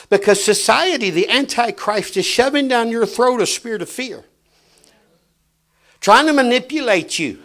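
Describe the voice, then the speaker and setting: A middle-aged man preaching a sermon, telling stories and swinging from hushed lines to shouts. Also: high voice, gravelly.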